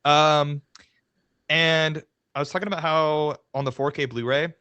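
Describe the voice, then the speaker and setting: Bright-voiced, excitable podcast co-host man. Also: fairly high pitch, measured pace, clean tone, no echo. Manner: animated, swearing, rants with mock outrage. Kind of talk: casual film discussion.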